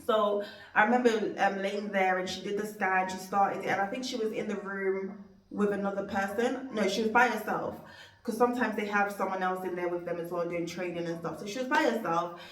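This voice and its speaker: A woman's voice: medium pitch, fairly even intonation, a little fast. A young woman telling a personal story in a heartfelt, rambling, faith-filled way. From Jamaica. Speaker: vlogger. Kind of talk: emotional storytime monologue. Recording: roomy, distant from mic.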